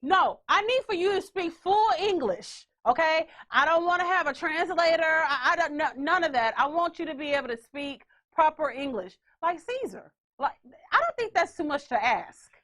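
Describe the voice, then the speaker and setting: A woman's voice: high voice, lively intonation, normal speed, fairly bright tone. A woman hosting a podcast in casual chat, brash, joking and profane. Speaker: podcast host.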